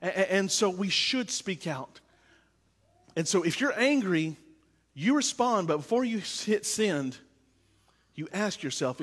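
A male pastor with a high-pitched voice delivers a sermon in a loose, conversational way, leaning on repeated phrases to drive points home. His voice rings out with the long reverb of a church sanctuary. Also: lively intonation, measured pace, pauses often, a bit bright.

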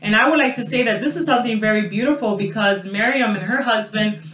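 A woman's voice: fairly high pitch, quick pace, a bit bright, far from the mic. A woman pastor hosting a radio talk, speaking earnestly and often saying 'praise God'. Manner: earnest, sprinkles 'you know' and 'praise God'. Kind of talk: casual preaching talk. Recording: roomy sound, away from the mic.

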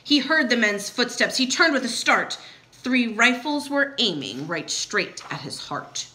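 Casting: bright, high-voiced teacher reading aloud to kids, very lively. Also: female voice, a little slow. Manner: animated, expressive. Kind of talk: read-aloud storytelling.

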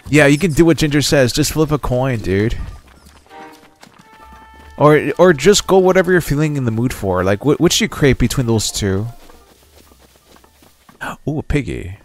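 Young male streamer, mid-range voice, excitable and slangy gameplay chatter. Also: medium pitch, normal speed, long pauses, faint music behind. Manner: chatty, excitable, slangy, reads game text aloud. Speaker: gaming streamer. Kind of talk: casual gameplay commentary.

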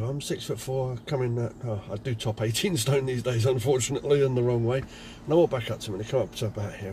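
A man's voice: mid-range voice, mellow, a little hiss or hum. A man, a window cleaning business owner, telling anecdotes in a chatty casual vlog. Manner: chatty, anecdotal, many fillers.

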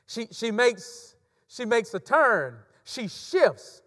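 A high-pitched man preaching slowly in a church sanctuary, his voice carrying a long reverb. He hammers key phrases by repeating them and swings from loud stresses to hushed drops. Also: very animated. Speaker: pastor. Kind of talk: sermon.

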